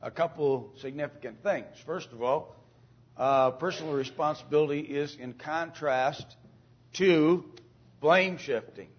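A man leads an informal Bible class at an unhurried pace, his slightly raised voice rough and husky. He talks haltingly, full of fillers, restarts and throat-clearing, and keeps turning to the students with questions. The recording sounds dull and lo-fi. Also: fairly high pitch.

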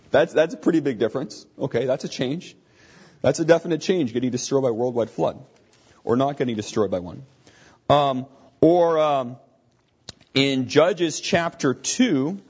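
A man's voice: mid-range voice, a little mellow, husky, highs cut off. A man teaching a Bible lesson, explaining as he thinks aloud and often restarting his sentences.

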